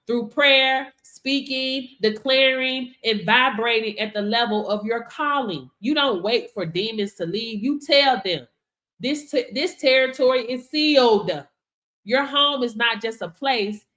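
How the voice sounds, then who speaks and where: A woman preaches live to her viewers. She is animated and folksy and talks straight to the people watching. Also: on the high side. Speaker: livestream host teaching on faith. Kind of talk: livestream teaching with casual asides to viewers.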